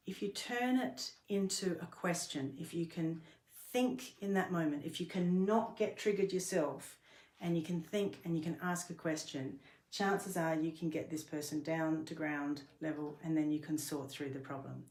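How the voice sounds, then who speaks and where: A woman's voice: low voice, moderate pace, darkish tone. A middle-aged woman, a workplace trainer, giving an earnest instructional talk and explaining things step by step, sometimes restarting her sentences. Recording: roomy echo.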